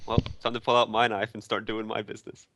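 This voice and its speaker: Lowish voiced guy cracking jokes during an online rpg session. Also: level tone, quick pace, fairly bright tone. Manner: wisecracking. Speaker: player. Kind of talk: tabletop role-play over voice chat.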